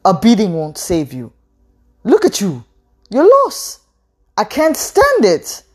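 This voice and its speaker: A woman reading a story aloud and voicing an angry middle-aged father who shouts accusations at his daughter and wife. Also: low voice, unhurried, soft background music. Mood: furious shouting. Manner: bellowing, accusing, loud.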